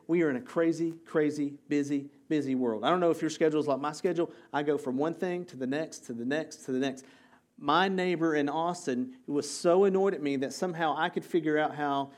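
A male pastor preaching a sermon, energetic and repeating key phrases for emphasis. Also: fairly high pitch.

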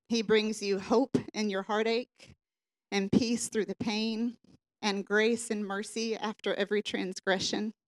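A woman's voice: medium pitch, low-quality recording. A woman from the congregation giving an earnest personal testimony at a church service.

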